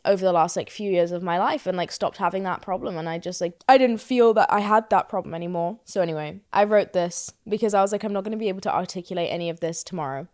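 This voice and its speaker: A young woman in her twenties hosting a casual solo podcast, talking in an expressive, sweary, self-mocking way while fighting off a slight cold. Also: lowish voice, fast talker, few pauses. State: slightly ill, throat irritation. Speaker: podcast host.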